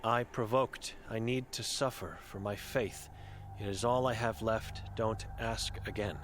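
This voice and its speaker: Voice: mid-range voice, steady tone, unhurried, slight background noise, close to an everyday voice. A voice actor playing a blind, mute old woman hermit in a video game, speaking in terse, broken, solemn sentences. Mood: grim. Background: game music.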